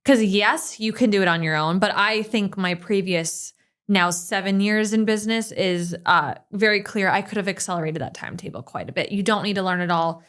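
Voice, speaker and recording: A woman's voice: mid-range voice, brisk, fairly bright tone. A woman hosting a podcast, talking in a casual, enthusiastic and emphatic way. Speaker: podcast host, business owner.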